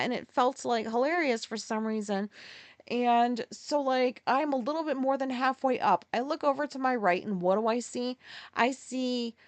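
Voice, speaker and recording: A woman with a slightly high voice, recorded with no echo, hosts a podcast on her own. She tells a story casually, candidly and profanely, often laughing at herself.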